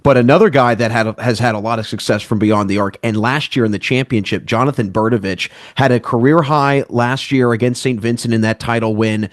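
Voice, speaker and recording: A man's voice: mid-range voice, brisk, few pauses, no room sound, clean studio sound. A man interviewing a coach, asking long, wordy questions with a few "uh"s.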